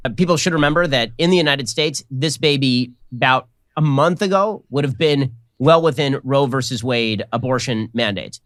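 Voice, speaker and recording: A man hosting an interview, speaking in a measured way with filler uhs as he sets up questions for his guest. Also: medium pitch, fairly bright tone, no room sound, clean studio sound. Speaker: podcast host.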